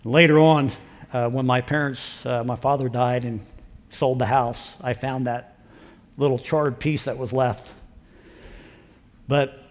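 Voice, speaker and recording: A man in his sixties telling a personal story in a casual, rambling, folksy way, acting out the dialogue. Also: on the high side. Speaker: storyteller giving a personal testimony. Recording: long hall reverb.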